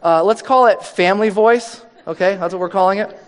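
A man's voice: high-pitched, a little fast. A man in his thirties preaching a sermon in a conversational way, often acting out quoted voices. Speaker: pastor. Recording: long hall reverb.

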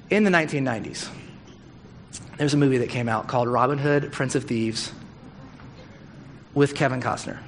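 A middle-aged man preaches to his congregation in a relaxed, storytelling way. His voice sits a little high, and he drops into playful, acted-out quotes as he goes. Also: a little hiss or hum. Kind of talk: sermon storytelling.

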